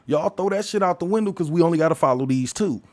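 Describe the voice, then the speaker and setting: A man's voice: fairly high pitch, expressive, fast, darkish tone, no room sound. A man hosting his own podcast, ranting alone with heavy profanity, jumping from heated outbursts to laughter. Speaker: podcast host. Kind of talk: ranting solo monologue.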